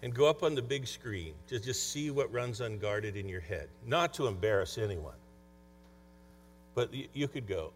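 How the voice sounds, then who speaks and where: A man's voice: mid-range voice, lively intonation, moderate pace. A man speaking as a conference speaker and coach, telling stories in a conversational motivational talk. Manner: conversational storytelling. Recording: long hall reverb, faint mains hum.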